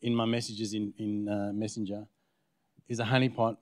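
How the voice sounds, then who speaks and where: A man's voice: on the low side, little pitch movement, moderate pace, darkish tone, dry recording, studio quality. A man with an Australian accent, a guest pastor preaching a sermon in church, telling a story and acting out both sides of the conversations.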